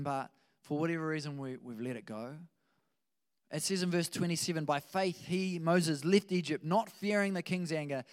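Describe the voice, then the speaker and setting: A male pastor giving a conversational sermon, telling stories with frequent restarts. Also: fairly high pitch.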